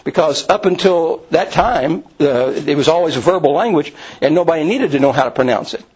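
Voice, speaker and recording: A man's voice: fairly high pitch, lively intonation, fairly quick, a little mellow, husky. A man teaching a Bible study class, explaining in a rambling way with many restarts and asides. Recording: dull lo-fi recording.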